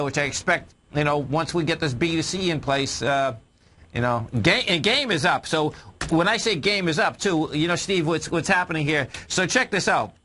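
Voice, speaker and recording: Bright-voiced emphatic radio market host. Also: male voice, fairly high pitch. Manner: emphatic, repeats phrases, addresses folks. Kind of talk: radio market talk with callers. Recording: radio broadcast.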